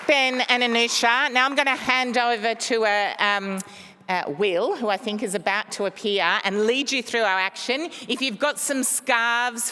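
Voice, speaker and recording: Woman moderator, bright, smooth voice, casual hand-over, echoey hall. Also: a little high. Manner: casual, relaxed, a little hesitant. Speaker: session moderator.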